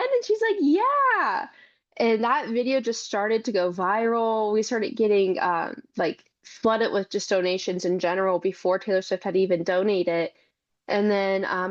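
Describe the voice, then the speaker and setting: Young woman guest, earnest storyteller, mid-pitched, slightly dull remote sound. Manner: earnest, talks in long run-on stories. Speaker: podcast guest, mother and caregiver. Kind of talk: conversational interview.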